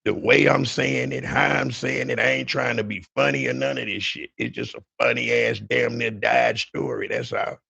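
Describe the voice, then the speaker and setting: A man hosting a podcast, telling a story in an animated, profane way and talking to his listeners directly. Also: medium pitch, moderate pace, vocal fry, hardly any pauses, slightly rough. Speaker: podcast host. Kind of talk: dramatic storytelling.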